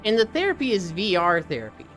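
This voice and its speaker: A live streamer chatting casually while walking on a treadmill, reading chat aloud and telling stories with lively animation. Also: mid-range voice, fast, faint music behind. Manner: reads chat aloud and riffs, animated storytelling.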